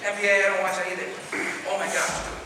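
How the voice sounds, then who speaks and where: A man's voice: high voice, level tone, racing. A teenage boy doing a rambling, self-deprecating stand-up set at his school, recorded from far back in the room. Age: teens. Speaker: stand-up comedian. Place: school auditorium before a live audience. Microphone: distant room recording. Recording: echoey hall recorded from far off, noisy.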